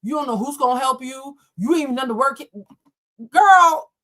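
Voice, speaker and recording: A woman reads tarot on a live stream. She is animated and blunt, and she talks straight to her viewers and swears freely. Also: high-pitched, fast. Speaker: tarot reader.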